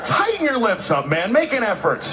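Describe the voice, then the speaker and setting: A man's voice: very high voice, huge pitch swings, normal speed, background noise. A man doing a stand-up routine, ranting in exasperation and mocking the way people talk. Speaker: stand-up comedian.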